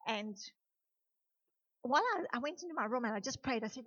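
Husky-voiced woman preaching to a youth group. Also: fairly high pitch, fairly quick. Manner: animated, talks straight to the group. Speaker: youth leader. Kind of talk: youth sermon. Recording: dull lo-fi recording.

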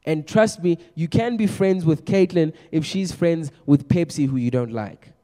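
A young man preaching to a youth group in a chatty, energetic way, often repeating his words. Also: on the high side, normal speed. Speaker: youth pastor. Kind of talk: youth sermon. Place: large room with a youth audience. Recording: long echo of a large hall.

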